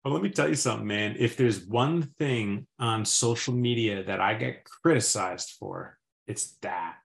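A man's voice: on the low side, measured pace, gravelly, roomy sound. A man hosting a podcast, talking in an earnest and reflective casual chat. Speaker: podcast host.

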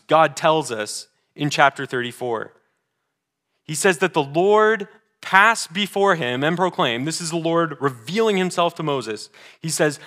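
A pastor delivers a sermon in a bright, somewhat high voice. He is earnest, swinging from forceful declarations to hushed, deliberate readings of scripture. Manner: reads scripture slowly and deliberately.

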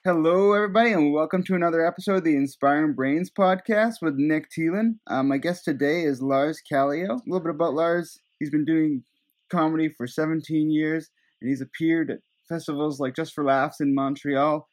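Podcast guy reading a guest bio, bit higher voice, some uhs. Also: a little fast. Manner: reads the guest bio with fillers. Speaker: podcast host. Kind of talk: podcast introduction.

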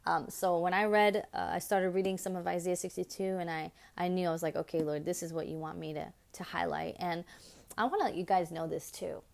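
A woman's voice: fairly low pitch, steady tone, fairly quick, gravelly, a little mellow. A woman hosting a devotional podcast, talking earnestly and preaching, repeating phrases for emphasis. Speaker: podcast host.

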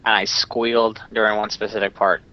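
Man, podcast co-host, low voice, flat monotone, bright tone, dull lo-fi mic. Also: a little fast. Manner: monotone, dry delivery. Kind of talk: casual podcast chat.

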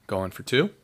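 A man hosting a casual solo podcast, rambling enthusiastically with many fillers and restarts. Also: fairly bright tone. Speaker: podcast host.

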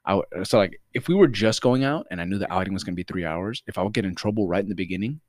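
A young man co-hosting a podcast, telling animated stories in casual chat, swearing and saying "dude" a lot. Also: low-pitched, racing, dry recording, studio quality. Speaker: podcast co-host.

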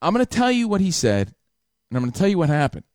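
A man telling a story in casual chat, animated, heated and profane. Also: high-pitched, fast, no echo, studio quality.

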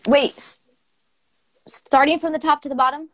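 A bubbly young woman with a slightly high voice, chatting loosely and laughing as she co-hosts a poetry show. She swears casually and talks in quick, animated bursts. The sound comes through a video call. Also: slight background noise. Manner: giggly, swears freely, animated. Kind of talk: casual chat.

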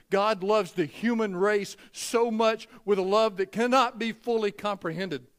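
An older man preaching a sermon to his church, folksy and emphatic, dropping to a hush and then building loud. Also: high voice, smooth. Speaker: pastor. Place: church sanctuary.

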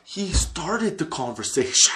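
A man's voice: fairly high pitch, very animated, slow pace, fairly bright tone. A man in his thirties telling a workplace story as a casual monologue, swearing freely and laughing often.

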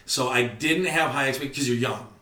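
Animated, foul-mouthed young comedian. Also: male voice, mid-range voice, quick pace, roomy sound. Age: young adult. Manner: animated storytelling, heavy swearing. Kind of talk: casual podcast chat.

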